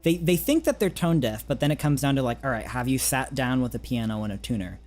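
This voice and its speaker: A man coaching singing in a relaxed online session, talking gently with many restarts and fillers, now and then singing a few scale notes. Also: medium pitch, fast talker. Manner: sings short scale demos. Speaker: vocal coach. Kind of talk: casual vocal lesson over a call.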